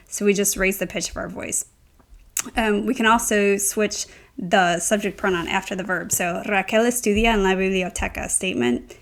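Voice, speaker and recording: A woman's voice: mid-range voice, creaky. A woman teaching a tutorial, explaining step by step with frequent ums and self-corrections. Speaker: Spanish teacher. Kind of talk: instructional tutorial.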